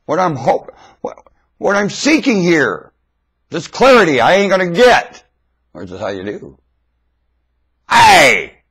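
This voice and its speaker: Husky man in a wildly swinging rant. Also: big pitch swings, moderate pace, pauses often. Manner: swings between loud emphatic outbursts and low mutters; blunt, confrontational. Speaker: webcam video maker. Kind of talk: rambling spiritual monologue. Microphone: webcam microphone.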